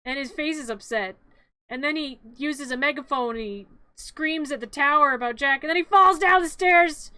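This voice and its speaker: A woman's voice: sits high, moderate pace, pushed and bright, no room sound. A woman streamer casually and comically narrating her own drawings, rambling, giggling and talking back to them.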